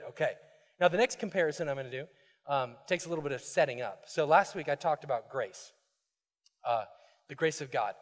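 Animated, high-voiced man preaching a sermon. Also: in a large hall. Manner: conversational, animated preaching with quick asides and repeated restarts. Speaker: pastor. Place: church sanctuary.

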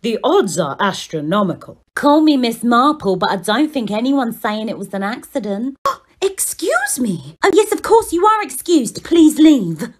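A woman performing a comedy parody sketch, switching quickly between exaggerated characters. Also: on the high side, very animated. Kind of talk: parody sketch acting many roles.

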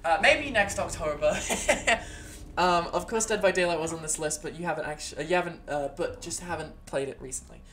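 Excitable low-voiced woman streaming. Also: brisk, a little hiss or hum. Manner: excitable, rambling, swears and laughs often. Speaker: streamer host. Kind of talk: casual live-stream chat.

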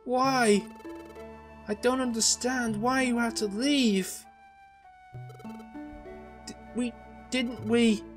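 A man's voice: very high-pitched, fairly even intonation, extremely slow, long pauses, soft background music, voice pushed up, heavily acted. A man voicing a young male Pokémon partner in a raised, strained, pleading voice while reading game dialogue. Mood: distressed.

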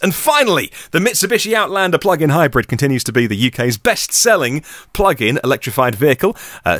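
Brief: male podcast host, chatty and self-deprecating, very lively up-and-down pitch, dry close mic. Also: no room sound. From United Kingdom. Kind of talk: casual solo news podcast.

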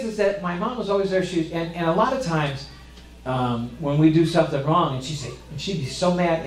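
High-voiced man preaching in an echoey room. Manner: storytelling, rambling with restarts and self-deprecating humor. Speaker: pastor. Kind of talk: sermon.

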